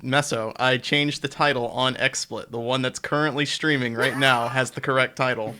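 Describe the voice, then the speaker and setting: Sheepish podcast co-host man, bright voice. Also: mid-range voice, steady tone, normal speed. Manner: sheepish, defensive about tech problems. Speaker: podcast co-host running the stream. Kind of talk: casual livestream podcast chat.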